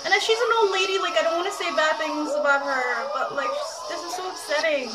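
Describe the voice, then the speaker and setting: A woman's voice: extremely high pitch, fairly quick, far from the mic, low-quality recording. A young woman at home, reacting emotionally to a video, exclaiming and blurting out her thoughts. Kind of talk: reaction vlog. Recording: loud concert music and crowd playing behind. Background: concert video with music and cheering crowd.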